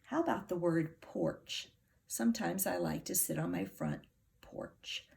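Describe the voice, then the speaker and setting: A middle-aged woman teaching a phonics lesson to young children, sounding out words slowly and patiently. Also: on the low side, wildly swooping pitch, gravelly, darkish tone. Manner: slow, patient, over-articulated sounding out.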